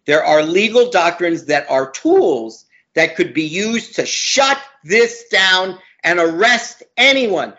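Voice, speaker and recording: A man's voice: sits high, expressive, takes it slowly, bright, forceful tone. A man, a law professor, talking as an interview guest in an emphatic, opinionated way, repeating words for stress. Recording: dull lo-fi audio.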